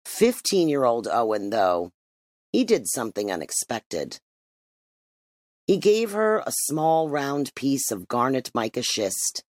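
A narrator reading a literary story aloud in an expressive, measured way. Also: mid-range voice, dry recording. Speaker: audiobook narrator.

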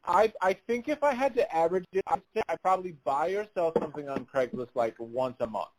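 A man with a notably high-pitched voice tells a story on a casual podcast. He acts out the other people's lines and breaks into laughter along the way. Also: fairly quick, low-quality recording. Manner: animated storyteller, laughs while telling, acts out quotes. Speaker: podcast co-host.

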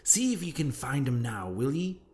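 A man's voice: mid-range voice, very animated, moderate pace, darkish tone, natural voice. A man voicing a cryptic, sly old male sailor-prophet who talks in ominous, old-timey sailor dialect, for a spoken storybook.

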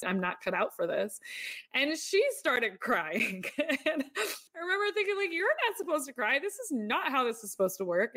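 A woman's voice: medium pitch, fairly bright tone, dry recording, clean studio sound. A woman in her thirties hosting a podcast, telling her own story in a candid, confessional way with lots of "like.". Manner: candid, confessional, uses "like" often. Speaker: podcast host. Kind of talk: personal storytelling monologue.

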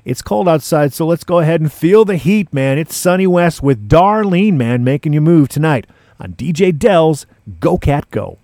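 A man's voice: fairly high pitch, animated, normal speed, darkish tone, dry recording, clean studio sound. A man hosting a music show as DJ, chatting casually between records in laid-back hipster slang. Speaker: radio DJ and podcast host.

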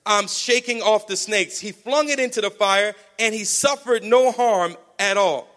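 A man preaching a sermon with energetic call-and-response, urging the congregation to answer back. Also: high voice, measured pace. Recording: long hall reverb.

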